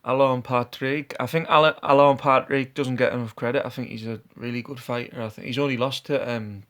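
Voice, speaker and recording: A man's voice: medium pitch, little pitch movement, a little fast, a bit bright. A man vlogging his fight predictions in a casual, unscripted way, laid-back and hesitant, often trailing off and restarting. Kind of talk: casual talk to camera.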